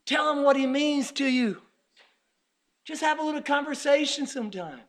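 A man preaching a sermon, calling out to the congregation, shouting his exclamations and at times dropping to a near whisper. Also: very high-pitched, lively intonation, moderate pace.

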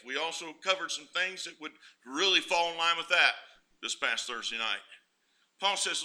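Preacher guy, real bright voice, a bit high, echoey room. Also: moderate pace. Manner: builds from quiet musing to loud fervent preaching. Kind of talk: sermon.

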